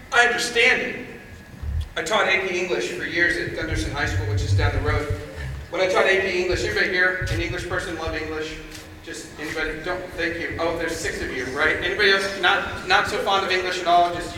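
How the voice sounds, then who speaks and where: A man giving a chapel sermon, telling stories conversationally and building to loud emphasis, recorded from far off in a large hall. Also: high voice, brisk, slight background noise. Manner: conversational storytelling, rising to shouts. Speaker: chapel speaker.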